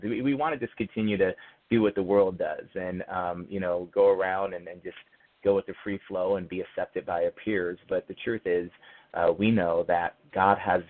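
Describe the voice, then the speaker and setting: A man being interviewed as an author, speaking earnestly and steadily with frequent fillers. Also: sits low. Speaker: author and guest. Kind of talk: faith-based interview. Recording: tinny phone line.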